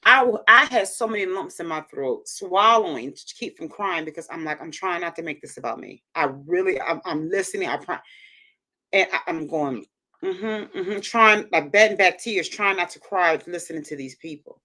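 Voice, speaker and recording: A woman's voice: lowish voice, moderate pace, pushed and bright. A woman hosting a casual livestream chat, talking emphatically and repeating phrases for stress. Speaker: show host reading viewer comments.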